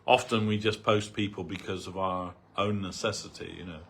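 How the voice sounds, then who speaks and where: A man's voice: sits low, steady tone, normal speed, creaky, a bit bright. A man giving a loose, anecdotal talk on a spiritual reading, full of "like" and "you know". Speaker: devotee speaker. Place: temple hall.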